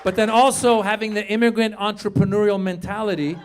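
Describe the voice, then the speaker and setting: High-voiced middle-aged stand-up comic. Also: male voice, brisk, slight background noise. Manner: animated storytelling with crowd work, acting out voices. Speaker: stand-up comedian. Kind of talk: stand-up comedy set. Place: theater stage before a live audience. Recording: live room with audience laughter.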